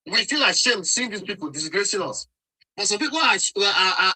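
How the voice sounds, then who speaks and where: A man's voice: high voice, animated, moderate pace, sharp tone, slightly rough, low-quality recording. A Nigerian man from Nsukka arguing hotly in an online audio room, insistent and scolding, often repeating himself. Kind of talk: heated political argument.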